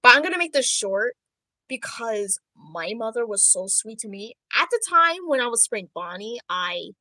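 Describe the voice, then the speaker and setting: A woman's voice: fairly high pitch, animated, normal speed, pushed and bright, no echo, rough recording. A woman playing a doting animatronic rabbit dad. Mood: flustered. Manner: chatty, giggly, flustered outbursts. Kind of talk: livestream role-play chat.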